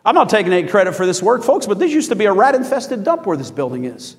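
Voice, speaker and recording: A man preaching a sermon to his congregation, animated and rising to shouts as he asks for amens. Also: high voice, fast, in a large hall. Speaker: pastor. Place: church.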